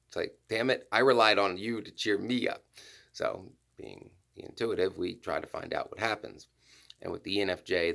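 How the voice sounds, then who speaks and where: A man's voice: sits low, creaky, a bit bright. A man hosting a personality-type video, speaking in a blunt, casual monologue, swearing freely and repeating phrases for emphasis.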